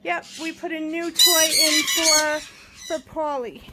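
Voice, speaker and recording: A woman's voice: high voice, flat delivery, takes it slowly, heavy background noise. A middle-aged woman, a pet vlogger, chatting to her camera and talking baby talk to her pet birds in a dim room at night. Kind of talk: casual chat to camera and pets. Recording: loud bird squawks throughout. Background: loud squawking birds.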